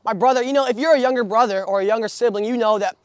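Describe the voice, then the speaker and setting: A man's voice: very high-pitched, very fast, no echo. A young man preaching a sermon, telling stories with many restarts and fillers. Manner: storytelling with frequent restarts and filler.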